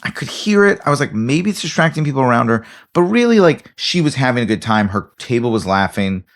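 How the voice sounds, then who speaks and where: Male comic, podcast co-host, animated storyteller, swings his pitch a lot. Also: a little fast. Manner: animated storytelling, acts out voices. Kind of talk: casual chat.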